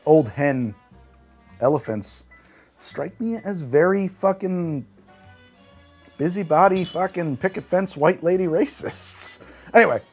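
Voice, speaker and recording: Rambling, profane male streamer. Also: a little high. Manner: rambling, profane, thinking aloud. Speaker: live streamer. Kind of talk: casual livestream chat.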